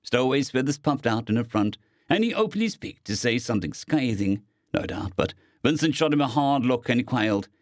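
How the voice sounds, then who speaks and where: Expressive male audiobook narrator. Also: mid-range voice, brisk, no room sound, clean studio sound. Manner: expressive, with lively intonation. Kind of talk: scripted story narration.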